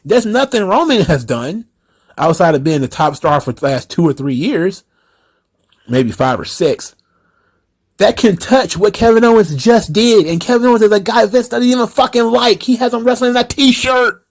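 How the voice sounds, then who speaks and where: A man's voice: high voice, lively intonation, normal speed. A man hosting his own wrestling commentary, ranting casually in a profane, incredulous, repetitive way.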